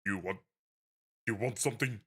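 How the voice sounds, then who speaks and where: A man voicing an intimidating older woman who heads a crime family, speaking in a low, husky, menacing tone with a put-on Russian accent. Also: moderate pace, sharp tone, slight background noise. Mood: curt.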